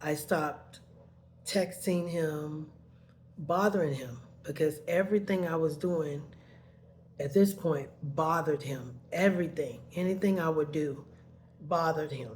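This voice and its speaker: A woman's voice: low voice, measured pace, darkish tone, slight background noise. A woman telling a painful personal story in a rambling way, heated at first and then subdued, sometimes tearful.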